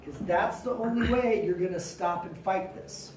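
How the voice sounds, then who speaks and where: A male teacher giving an animated, slangy classroom lecture, acting out little scenes with his students. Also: high voice, moderate pace, slight background noise. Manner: animated, slangy, acts out quotes. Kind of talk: classroom lecture with role-play. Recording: echoey classroom from far off.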